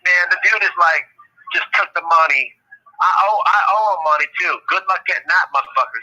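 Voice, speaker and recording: A man on a call from jail, venting casually in a fast, profane, heated rant. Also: fairly high pitch, sharp tone. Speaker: caller on the show from jail. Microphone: phone call. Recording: tinny phone line.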